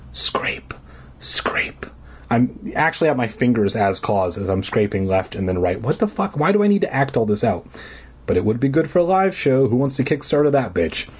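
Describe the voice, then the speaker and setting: In a husky voice on the low side, a comedic reader works through a horror book, tossing in sarcastic, swear-filled comments and mock-dramatic flourishes.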